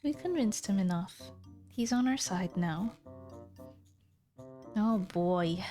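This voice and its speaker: A woman's voice: medium pitch, a little mellow. A young woman streaming a visual novel, chatting casually in a bubbly, giggly way. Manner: bubbly, giggly, drawn-out playful exclamations. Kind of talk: casual chat while playing a visual novel.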